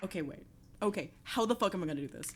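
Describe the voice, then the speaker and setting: A woman streamer chatting casually and excitably on a live stream, swearing and thinking aloud. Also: medium pitch, racing, some chatter behind, a little hiss or hum.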